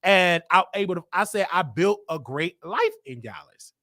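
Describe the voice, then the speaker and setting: A man's voice: sits high, lively intonation, moderate pace, pushed and bright, dry recording, clean studio sound. A man from Chicago hosting his own show, telling a personal story in a casual, emphatic way and repeating lines for effect. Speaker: show host.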